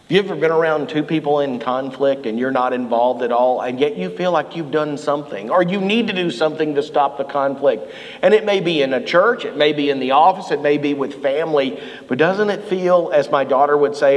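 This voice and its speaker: A middle-aged man preaching a sermon as pastor, telling animated stories and shouting out the lines he quotes. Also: a little high, fairly quick, in a large hall, rough recording. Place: church sanctuary.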